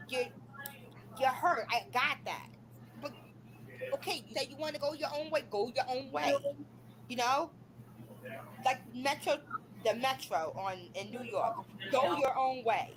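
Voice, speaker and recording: A woman's voice: high-pitched, unhurried, long pauses, noisy background. A woman hosting a live stream from home, scolding and ranting in an exasperated, repetitive way. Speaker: livestream host. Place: home room.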